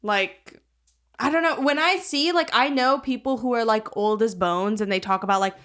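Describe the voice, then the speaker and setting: A woman's voice: fairly high pitch, moderate pace, a bit bright. A young woman co-hosting a podcast, rambling casually, leaning on "like" and swearing freely. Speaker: podcast co-host. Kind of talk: casual chat.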